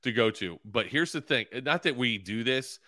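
An easygoing man co-hosting a casual podcast, quick to chime in with short agreements. His voice is very bright and forward, and it is recorded close and completely dry. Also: mid-range voice, expressive, no room sound. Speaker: podcast co-host. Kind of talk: casual chat.

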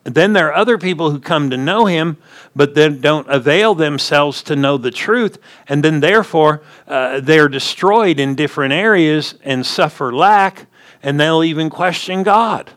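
A man's voice: fairly high pitch, lively intonation, a little slow, a bit bright. Folksy man preaching a sermon. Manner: folksy storytelling preacher, rising emphatic punches. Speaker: pastor.

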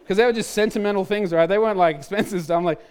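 A man's voice: sits high, racing, darkish tone, clear, resonant tone. A man, a pastor, telling a candid personal testimony in a sermon, with restarts and self-mocking humor.

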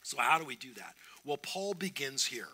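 A man's voice: medium pitch, sing-song, normal speed, sharp tone, breathy edge. A man preaching a sermon as pastor, earnest and emphatic, often restarting his phrases.

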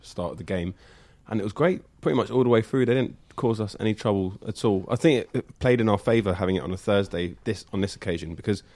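A man on a podcast panel giving quick, matter-of-fact opinions in casual chat. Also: lowish voice, a little mellow, no echo.

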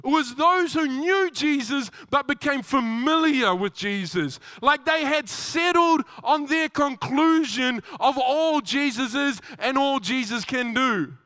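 A man preaching a sermon, animated, acting out quoted dialogue and often restarting his sentences. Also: very high-pitched, takes it slowly, few pauses, no room sound, studio quality.

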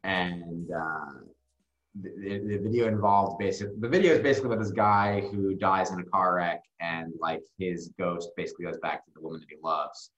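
A man's voice: sits low, moderate pace, a bit bright. A man guest telling a long story casually, rambling with plenty of fillers and swearing. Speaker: music video director, guest. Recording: roomy echo.

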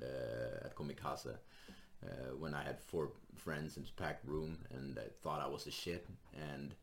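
A man's voice: very deep voice, a little hiss or hum. A man, a stand-up comedian, telling a story in casual chat, laughing often and swearing freely. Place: Sweden.

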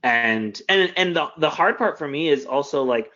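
A man's voice: a little high, lively intonation, moderate pace, bright, forceful tone. A man talking openly and earnestly in casual conversation, rambling with many fillers. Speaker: mentor and teacher. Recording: slightly dull lo-fi sound.

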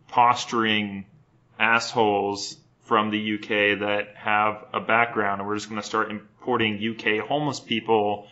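A man co-hosting a casual comedy podcast, riffing in a profane, rambling way. His voice has a bright, sharp edge, and the recording sounds slightly muffled. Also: fairly low pitch. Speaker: podcast co-host.

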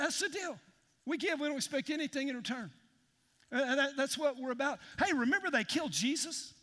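A man's voice: very high voice, sharp tone. A man preaching a sermon as pastor, emphatic and calling out to his congregation. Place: large church hall. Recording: long hall reverb in a church.

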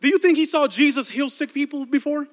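Male preacher, high and bright, animated and joking with the crowd; long hall reverb. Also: fairly quick. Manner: lively, playful, acts out movie scenes with voices. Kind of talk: animated sermon storytelling.

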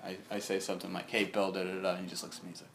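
A man on a podcast talks fast and jumps in with teasing remarks. His voice sits on the low side. Clear background noise runs under the recording. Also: level tone, a bit bright. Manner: chatty, interjecting, teasing. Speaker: podcast co-host. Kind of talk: casual chat.

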